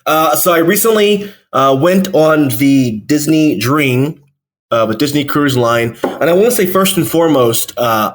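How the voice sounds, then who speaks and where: A man's voice: on the high side, animated, unhurried. A man hosting a theme park podcast, telling a trip story in upbeat casual chat. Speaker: podcast host.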